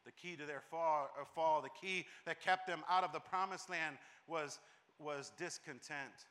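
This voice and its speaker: High bright-voiced male preacher. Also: normal speed. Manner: emphatic preaching with frequent repetitions and restarts. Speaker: pastor. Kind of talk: sermon.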